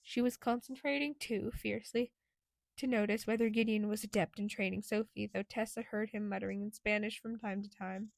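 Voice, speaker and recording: A woman narrating an audiobook in a steady, clear reading voice. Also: mid-range voice, fairly quick, no room sound.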